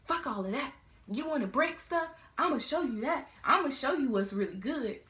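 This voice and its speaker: Fiery scolding mother, played by a teen girl, shrill and loud; echoey room. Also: lively intonation, moderate pace. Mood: furious. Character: furious scolding mother, middle-aged, fiery. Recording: roomy echo.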